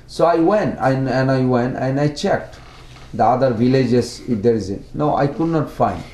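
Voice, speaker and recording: A man giving a devotional lecture in non-native English, halting and repeating words as he explains. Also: medium pitch, dark tone. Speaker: speaker giving a religious class. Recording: echoey room.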